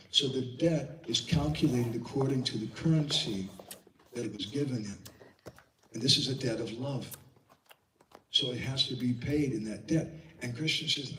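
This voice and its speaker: A man's voice: medium pitch, moderate pace, a little hiss or hum. Man lecturing in an echoey room. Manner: animated, poses questions to the audience. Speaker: devotional speaker. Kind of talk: storytelling devotional lecture. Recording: echoey room, distant mic.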